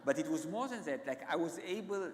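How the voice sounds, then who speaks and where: A man with an Israeli accent, a guest author telling stories on stage in a halting, self-interrupting way. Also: on the high side, lively intonation, slight background noise. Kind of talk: onstage conversation, anecdotal storytelling. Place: large event hall. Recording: echoey hall.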